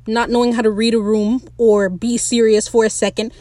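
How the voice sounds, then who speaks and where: A young woman hosting a casual, opinionated TV recap, blunt and animated and quick to laugh. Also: fairly high pitch, dry recording. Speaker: podcast host recapping a TV episode.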